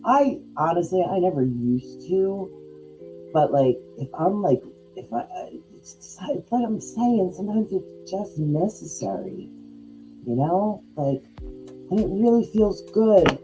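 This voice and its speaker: A woman's voice: fairly low pitch, animated, unhurried, music in the background, rough recording. A middle-aged woman co-hosting a podcast in casual chat, rambling with lots of likes and restarts. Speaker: podcast co-host.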